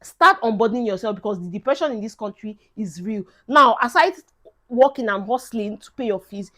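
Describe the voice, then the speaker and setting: Young Nigerian woman vlogger, emphatic and chatty, somewhat high-pitched, mixes in Pidgin. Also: expressive, brisk, bright, forceful tone. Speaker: vlogger giving advice to incoming students. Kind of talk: casual advice vlog.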